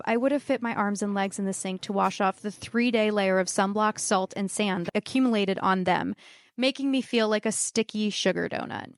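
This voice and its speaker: A woman telling a comedic true story to a live audience with wry, deadpan asides. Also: mid-range voice, no room sound, clean studio sound.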